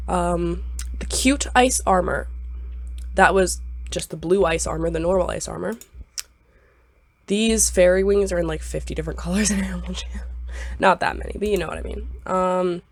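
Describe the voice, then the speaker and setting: Stuffy young woman w a sinus cold, low-ish gravelly voice, rambly game commentary, repeats herself a lot. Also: a little mellow. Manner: rambling, repetitive, hedging with "I believe". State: stuffy, scratchy voice from a sinus illness. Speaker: gaming YouTuber. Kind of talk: casual screen-recorded commentary.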